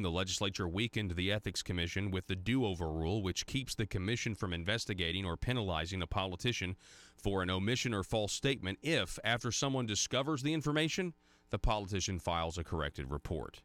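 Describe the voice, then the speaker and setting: A very low-voiced man hosts a talk radio show, firing off rhetorical questions with a sarcastic edge. The sound is dry and close. Off script he stumbles and restarts. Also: fairly bright tone, no room sound. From Arkansas. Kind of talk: conservative talk radio commentary.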